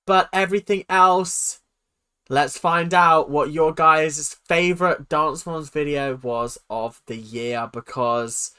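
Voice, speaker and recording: Give me a low-pitched woman chatting casually and bluntly as a livestream host. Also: bright, forceful tone, clear, resonant tone. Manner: chatty, blunt, swears freely. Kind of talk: casual live commentary.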